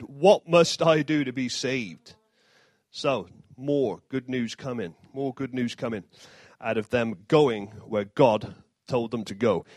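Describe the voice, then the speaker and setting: A man's voice: mid-range voice, no echo. Chatty, joking man preaching. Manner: jokey asides, chatty, self-deprecating. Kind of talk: informal sermon.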